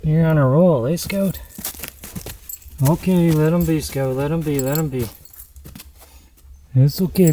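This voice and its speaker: A man's voice: fairly high pitch, unhurried, pauses often, mellow, slight background noise, rough recording. Man chatting to his dog outdoors. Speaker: vlogger on a canoe trip. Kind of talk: casual outdoor vlog narration. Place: outdoors in a park.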